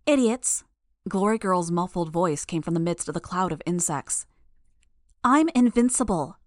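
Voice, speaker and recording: A woman's voice: lowish voice, expressive, normal speed, no echo, clean studio sound, lightly acted. A woman voicing a furious, proud young superheroine who threatens her enemies, in an audiobook. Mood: scornful. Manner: shouting, menacing. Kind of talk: audiobook character voice.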